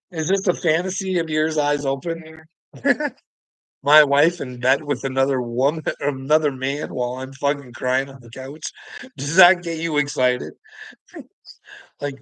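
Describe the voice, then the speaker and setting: Laughing often, a man mocks his chat and responds to comments on a casual, crude, profane livestream. His fairly high, somewhat bright voice moves at a measured pace with long pauses, on a rough recording without echo.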